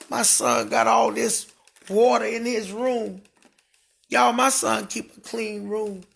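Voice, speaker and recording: A middle-aged woman in a fiery live-stream rant with a preacher's cadence, swinging between shouting and dropping her voice low. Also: vocal fry. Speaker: prophetess.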